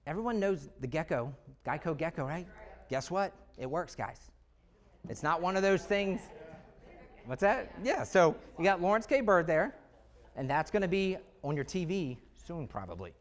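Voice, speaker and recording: A man giving an energetic, conversational presentation to real estate agents, full of rhetorical questions. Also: high voice, moderate pace. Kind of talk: live sales presentation.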